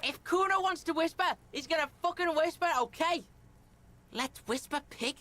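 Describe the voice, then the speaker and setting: A woman's voice: very high voice, animated, normal speed, fairly bright tone, no room sound. A woman voicing a brash, foul-mouthed young boy in a video game, crude and swaggering, talking about himself in the third person. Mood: cocky.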